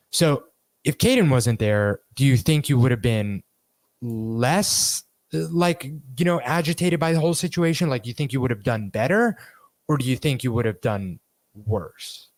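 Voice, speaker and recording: A man's voice: medium pitch, a little mellow, no echo. A man co-hosting a podcast, asking follow-up questions in a casual, probing way. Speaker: podcast co-host.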